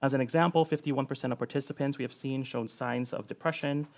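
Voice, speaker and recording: A man's voice: mid-range voice, steady tone, creaky. A man reading prepared testimony at a public hearing. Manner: reads quickly from a prepared statement.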